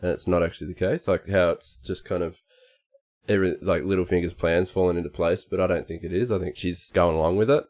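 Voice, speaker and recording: A man, co-hosting a podcast, telling stories in animated casual chat. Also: sits low, quick pace. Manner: animated storytelling, laughs often. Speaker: podcast co-host.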